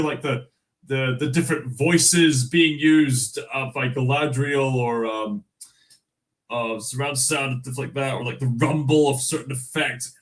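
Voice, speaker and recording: A man's voice: mid-range voice, fairly bright tone, low-quality recording. A Scottish man hosting a livestream, reading news aloud in casual chat, chuckling often and stumbling over restarts. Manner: chatty, chuckles often, many fillers and restarts. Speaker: livestream host.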